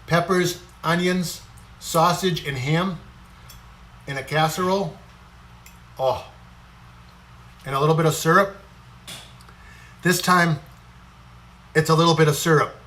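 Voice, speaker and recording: Guy doing a live cooking stream, kinda higher voice, chatty, greets folks, drifts off mic sometimes. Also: fairly even intonation, a little slow, long pauses, a bit bright. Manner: chatty, greets viewers by name while eating. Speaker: livestream cooking host. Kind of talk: casual live-stream chat.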